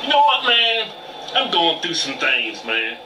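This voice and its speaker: A man's voice: high-pitched, measured pace, reverberant, distant mic, background noise. A man in an improvised comedy skit, teasing and profane, riding in a car outdoors. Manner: profane, teasing, wildly animated.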